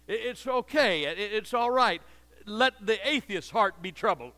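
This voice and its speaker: A man's voice: sits high, expressive, measured pace, sharp tone. An older man preaching a sermon with impassioned, repetitive cadences, heard with long reverb in a hall.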